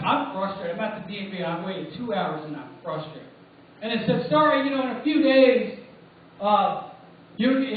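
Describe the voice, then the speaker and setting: High-voiced preacher in a tinny, echoing church. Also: male voice. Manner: emphatic, rising to near shouts. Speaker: preacher giving testimony. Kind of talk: sermon testimony. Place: church sanctuary. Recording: tinny distant church recording.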